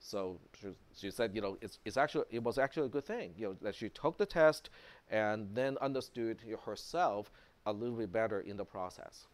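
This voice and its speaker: A man's voice: on the low side, brisk. A man lecturing a college computer class in a casual, conversational way, full of fillers and checks like "okay?". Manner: conversational, many fillers and tag questions. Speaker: college instructor.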